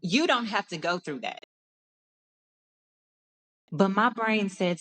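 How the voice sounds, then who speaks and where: A young Texan woman hosts a personal podcast and speaks openly and with feeling. She often stumbles and restarts mid-sentence as she works through her thoughts, in a voice of middling pitch. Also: lively intonation, slow, pauses often, fairly bright tone. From Dallas, Texas. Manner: candid and passionate, restarts often. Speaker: podcast host. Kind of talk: personal monologue.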